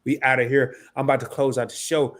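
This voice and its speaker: A man's voice: mid-range voice, level tone, fast talker. A man hosting a casual live stream, talking loosely, repeating himself and breaking into laughter.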